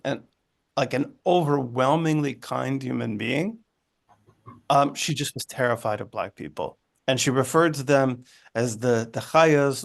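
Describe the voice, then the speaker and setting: A man, a guest on a video call from his living room, telling a personal story in a halting way with many restarts. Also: mid-range voice, creaky. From United States. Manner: halting, with frequent restarts and asides. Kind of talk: conversational storytelling.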